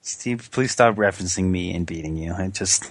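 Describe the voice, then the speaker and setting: A man's voice: deep voice, normal speed, no echo. A man co-hosting a podcast, bantering in a teasing, mock-indignant way. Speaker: podcast co-host. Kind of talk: casual chat.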